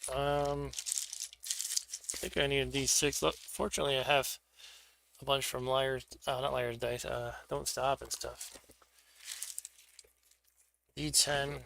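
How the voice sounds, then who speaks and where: Gravelly, bright-voiced man chatting casually. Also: medium pitch, level tone, slow, pauses often, a little hiss or hum. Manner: chatty, thinking aloud while setting up pieces. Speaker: board game streamer. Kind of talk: casual solo play-through commentary.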